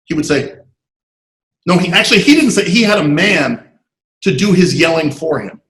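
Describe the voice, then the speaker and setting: A man tells his career stories in an animated, rambling way, with a slightly higher voice than most men. His voice rings in a roomy space and comes over a video call. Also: normal speed. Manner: animated, digressive, full of asides. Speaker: interview guest, screenwriter and comic artist. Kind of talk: casual anecdotal storytelling.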